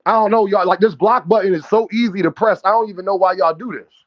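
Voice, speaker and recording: A man's voice: sits high, fast, lo-fi sound. A man hosting a boxing livestream in casual commentary, brash and profane, trash-talking viewers and calling out his chat directly.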